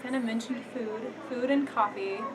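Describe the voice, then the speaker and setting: A young woman vlogging casually to camera, chatty and quick to laugh, with lots of fillers. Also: a little high, background noise. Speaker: vlogger studying abroad.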